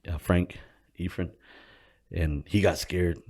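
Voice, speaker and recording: Man, young adult, very low voice, casual storytelling, constant swearing, animated quoting. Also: normal speed. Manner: swears constantly, acts out quoted people with a raised voice; laughs while telling, drops to a low murmur when reflective. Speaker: gym co-owner telling his story.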